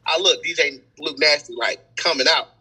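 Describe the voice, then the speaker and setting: A young man telling stories in a casual podcast chat, animated and full of slang. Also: on the high side, moderate pace, slightly rough, low-quality recording. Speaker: event host and promoter.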